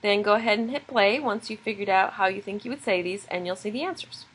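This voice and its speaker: A woman teaches a recorded video lesson. She explains each grammar point patiently and clearly, one step at a time, in a voice of ordinary pitch. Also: fast, poor audio. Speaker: Spanish teacher.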